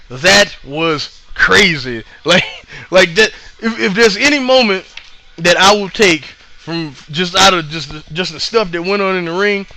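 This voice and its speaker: A man casually recapping a live show he attended, rambling and excitable with lots of fillers. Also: a little high.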